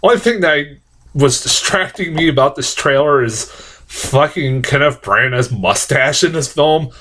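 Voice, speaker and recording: A man's voice: on the high side, a little slow, slight background noise. A young man giving a casual, rambling movie review that is full of swearing. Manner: animated, profane, rambling.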